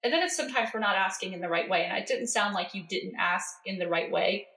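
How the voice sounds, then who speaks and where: A woman's voice: medium pitch, fast talker, creaky, sharp tone. A woman in a roomy, echoing space hosts an interview. She answers her guest casually, affirming what she heard and thinking her way through the point aloud. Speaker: podcast host.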